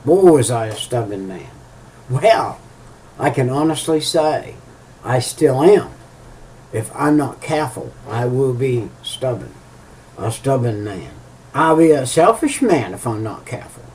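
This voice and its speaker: Slow, halting man preaching. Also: mid-range voice, very animated, darkish tone, slight background noise. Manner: halting, repeats words, many fillers; emphatic repetition of key phrases. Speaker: lay preacher. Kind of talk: informal preaching. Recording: voice a bit far from the mic.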